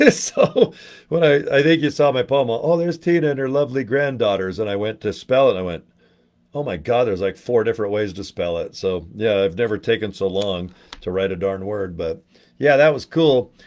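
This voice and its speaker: A middle-aged man rambles through a casual livestream from home, greeting viewers by name. His voice sits on the low side and sounds a little worn. He talks straight into a phone or webcam. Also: normal speed, a little mellow. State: losing his voice. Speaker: livestream host.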